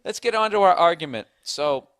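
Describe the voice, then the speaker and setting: A man's voice: a little high, expressive, brisk, fairly bright tone, clear, resonant tone, no room sound. A man hosting a podcast, talking in a blunt, profane, ranting way, mocking himself as he goes. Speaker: podcast host. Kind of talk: casual chat.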